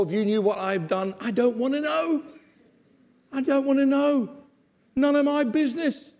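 A man's voice: sits high, warm tone. An older man preaching a sermon, acting out Bible scenes with humor and asides to the congregation.

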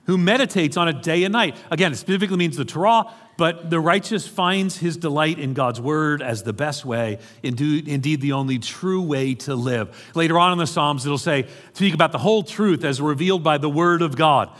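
A middle-aged pastor from New York City with a New York accent, preaching an animated sermon with joking asides to his congregation. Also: a little high, moderate pace, few pauses. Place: church hall. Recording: reverberant church hall.

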